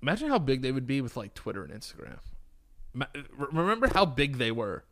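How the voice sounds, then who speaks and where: A man's voice: mid-range voice, big pitch swings, a little fast, fairly bright tone. A man co-hosting a podcast, laid-back and crude, in casual banter. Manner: laid-back, crude humor, lots of "yeah" and "dude". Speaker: podcast co-host.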